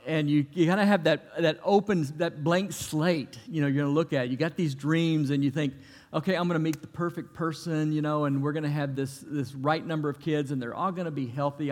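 Folksy pastor in a reverberant hall. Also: male voice, a little high. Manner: folksy, conversational, with many restarts. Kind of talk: sermon with prayer and storytelling. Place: church.

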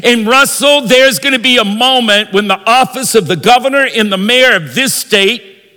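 A man preaching a sermon as pastor, leading the congregation in call-and-response and rising into shouts. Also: very high-pitched, moderate pace. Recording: long reverb of a large hall.

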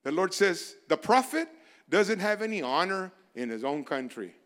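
Animated preacher man with lively pitch. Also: normal speed. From barrio in the United States. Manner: animated preaching, swings from quiet asides to loud exhortations. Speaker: pastor. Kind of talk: sermon.

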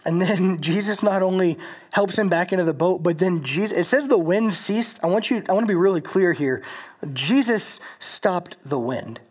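A preacher giving a casual, animated sermon in slangy, conversational talk. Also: medium pitch, normal speed, breathy edge.

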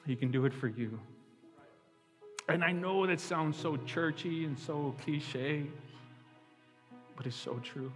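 Emotional man preaching in a reverberant church. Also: fairly high pitch. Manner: emotional, earnest, slow heartfelt pleading. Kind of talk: sermon and closing prayer.

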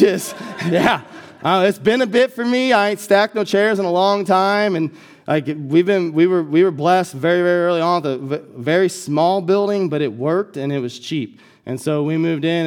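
A man's voice: on the high side, darkish tone. A young American man preaching a sermon as a guest pastor, in a casual, conversational way with lots of filler words. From United States.

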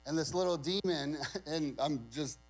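A man's voice: a little high, a little slow, poor audio. Conversational male pastor preaching. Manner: conversational, emphatic, asks the crowd questions. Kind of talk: sermon.

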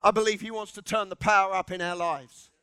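A man preaching a sermon in a church with passion, rising to shouts and calling the congregation to respond. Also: high voice, fairly even intonation, brisk, clear, resonant tone, no room sound. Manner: impassioned, shouting in bursts, congregational call-and-response.

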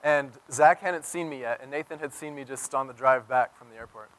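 A man preaching a sermon as pastor, telling stories and swinging from loud emphasis to near-whisper. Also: mid-range voice, fairly quick.

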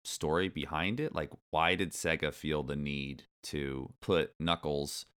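A man's voice: very deep voice, steady tone, unhurried, fairly bright tone, clean tone. A man hosting a casual podcast, chatty and joking, often laughing and reading aloud with ironic asides. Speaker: podcast host.

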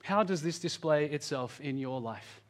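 A man preaching a sermon, earnest, slowing down and speeding up for emphasis. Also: animated. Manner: earnest, varies pitch and pace for emphasis. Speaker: pastor.

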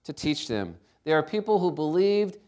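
A man's voice: fairly high pitch, sing-song, moderate pace, a little mellow. A man preaching a sermon, emphatic, asking his listeners for responses. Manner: emphatic, calls for congregation responses.

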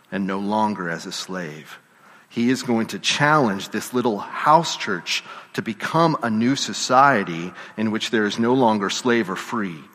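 A man's voice: mid-range voice, a bit bright. A man preaching a sermon, telling the story with energy and getting the congregation to call out responses. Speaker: pastor. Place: church. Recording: long reverb of a church hall.

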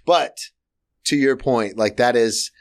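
Animated man hosting a podcast. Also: medium pitch, takes it slowly. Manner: animated, jumps to shouts when hyping. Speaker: podcast host. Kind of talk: casual chat.

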